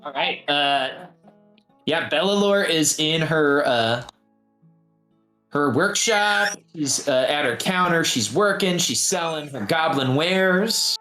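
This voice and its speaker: A man narrating a tabletop game as game master, talking in an animated way with frequent fillers. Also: a little high, slow pace. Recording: echoey room, faint guitar music.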